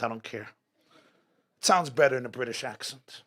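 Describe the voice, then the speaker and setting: A man's voice: medium pitch, a little fast, a bit bright. A man speaking as guest speaker at a live religious gathering, delivering a dramatic inspirational talk full of repeated rhetorical questions. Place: event hall, live before an audience.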